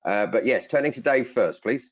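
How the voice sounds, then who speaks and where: A man's voice: medium pitch, moderate pace, muffled recording. A man hosting a webinar on a video call, politely handing over to each speaker. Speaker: webinar host. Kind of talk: moderating a webinar.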